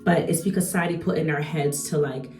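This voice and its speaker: A woman's voice: deep voice, fast talker, echoey room, recorded from a distance, soft background music. A young adult woman talking casually while she does her makeup, chatty and slangy with lots of rhetorical asides. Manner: slangy and animated. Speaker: beauty vlogger.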